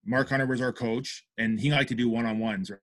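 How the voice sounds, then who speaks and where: A man's voice: medium pitch, brisk, no room sound. A man, a podcast guest and former hockey player, animatedly telling stories and acting out quotes. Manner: animated storyteller, acts out quotes, many fillers. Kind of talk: casual chat.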